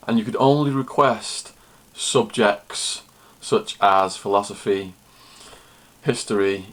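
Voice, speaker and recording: A man with a fairly low voice talks straight to the camera as a vlogger and former prisoner. He tells stories in a plain, matter-of-fact, conversational way. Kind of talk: storytelling to camera.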